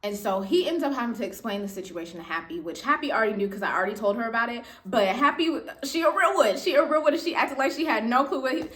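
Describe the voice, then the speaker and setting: Animated young woman telling a story. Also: fast talker, hardly any pauses. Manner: animated, dramatic pitch jumps, playful. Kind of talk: casual storytime.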